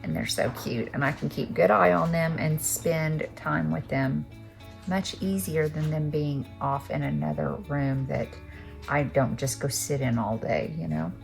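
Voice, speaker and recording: A woman chatting casually to her camera on a tripod in her living room, with a soft, chatty manner. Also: low-pitched, measured pace, vocal fry, faint music behind. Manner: soft, chatty, coos in baby talk to the kittens. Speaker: knitting vlogger. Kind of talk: casual vlog chat.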